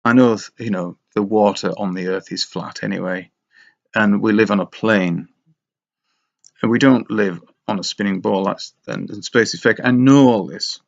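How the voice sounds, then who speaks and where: A man's voice: fairly low pitch, vocal fry. A man talking in a rambling, casual monologue, wry and self-mocking as he meanders from thought to thought, on a dull lo-fi recording. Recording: dull lo-fi sound.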